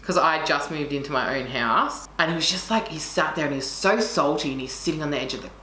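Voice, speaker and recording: A woman's voice: low voice, quick pace, pushed and bright. A young woman telling a story in casual chat, passionate and swearing freely as she acts out what people said. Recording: echoey room with faint noise.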